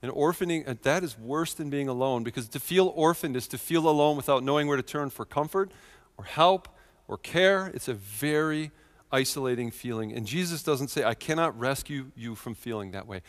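A man in his thirties preaching a sermon in a church, telling a personal story with earnest feeling and swings from quiet to loud. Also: medium pitch, lively intonation, fairly quick, big-room sound. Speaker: pastor.

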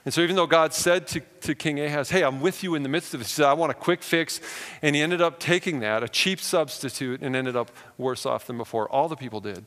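A man's voice: fairly high pitch, fast talker, fairly bright tone. A man, a pastor, preaching a sermon and telling personal stories in an earnest manner. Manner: earnest, personal storytelling with rising emphasis. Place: church sanctuary. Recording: long reverb of a church hall.

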